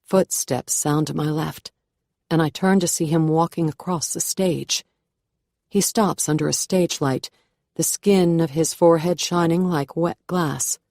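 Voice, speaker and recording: A woman reads a first-person thriller in a measured, wry way. Her voice sits low, and the close mic gives a dry studio sound. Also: fairly even intonation, a little mellow, no room sound. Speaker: audiobook narrator.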